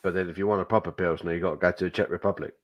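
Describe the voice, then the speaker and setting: A man's voice: deep voice, steady tone, racing. A man chatting on a beer livestream, cracking jokes and laughing at the others. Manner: laughing, jokey asides. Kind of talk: casual drinking chat.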